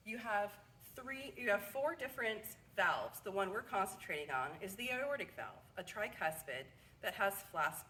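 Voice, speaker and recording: Young woman, nursing student, low voice, explaining in a class presentation. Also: a bit bright, a little hiss or hum, low-quality recording. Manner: explanatory, walks through steps with occasional fillers.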